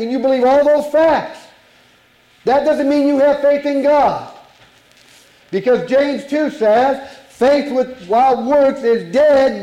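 High-voiced emphatic male preacher. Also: mellow, roomy sound, rough recording. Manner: emphatic, rhetorical questions to the congregation. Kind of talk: sermon.

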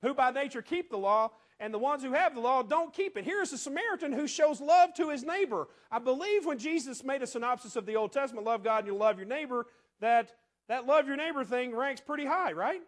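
A man preaching a sermon in a conversational way, asking the congregation rhetorical questions and often dropping to quiet asides. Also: extremely high pitch, a little fast.

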